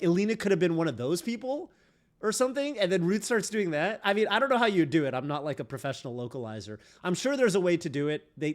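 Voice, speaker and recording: A man streaming a game, chatting casually in a rambling way full of fillers and restarts. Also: fairly high pitch. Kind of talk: casual chat while streaming.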